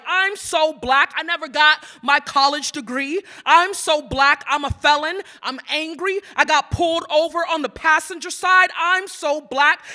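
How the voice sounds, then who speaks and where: At a museum event before an audience, a woman poet gives a live reading in a very high, pushed, bright voice. She moves between playful, self-teasing banter and rhythmic spoken-word poems that build as they go.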